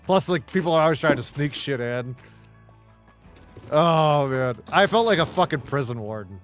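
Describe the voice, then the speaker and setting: A man's voice: medium pitch, expressive, a little slow, pauses often, soft background music. A middle-aged man telling stories while gaming, blunt, heavily profane and laughing often. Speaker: gaming streamer. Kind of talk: casual storytelling while gaming.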